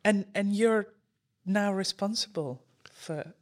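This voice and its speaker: A woman's voice: mid-range voice, slow, darkish tone. A woman interviewing a guest in a casual conversation, chiming in often with short supportive remarks. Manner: supportive, frequent short affirmations.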